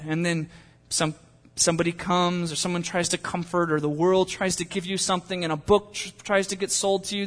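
A man's voice: sits high, little pitch movement, brisk, fairly bright tone, big-room sound. A man preaching a sermon in a conversational way, building to impassioned pleas. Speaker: pastor.

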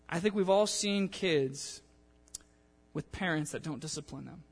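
A young man preaching a sermon in a church in a casual, animated way, acting out the people he quotes. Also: fairly high pitch, slightly rough. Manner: animated, conversational, acts out quotes. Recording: long church-hall reverb.

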